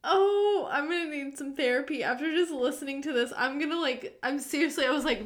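High-voiced squeamish young woman. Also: fairly quick, hardly any pauses. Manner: reacts with squeamish exclamations and laughter. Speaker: podcast co-host. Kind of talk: casual chat.

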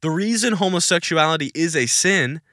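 Forceful, insistent preaching podcast man. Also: fairly high pitch, lively intonation, normal speed, no echo, studio quality. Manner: emphatic, insistent, repeats himself. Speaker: podcast host.

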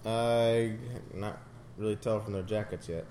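A man's voice: on the low side, measured pace, a little hiss or hum. A man chatting casually and joking while watching a movie with a friend. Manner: joking, animated, laughs often.

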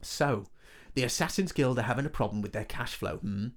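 A man voicing a foul-mouthed male demon cult leader who talks in a rough, swaggering way. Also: mid-range voice, brisk, natural voice. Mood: scheming.

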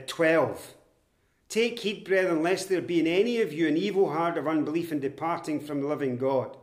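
Man, preacher, expository sermon, fairly high voice, earnest and emphatic, roomy echo. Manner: earnest, emphatic, explaining step by step. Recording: roomy echoey hall.

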